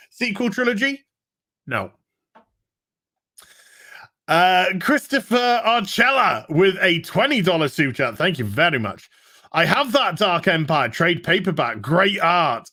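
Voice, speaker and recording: A man, casually reading viewer messages on a livestream with jokey asides and sudden outbursts. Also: high-pitched. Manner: animated, jokey, with sudden shouts. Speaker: livestream co-host reading super chats.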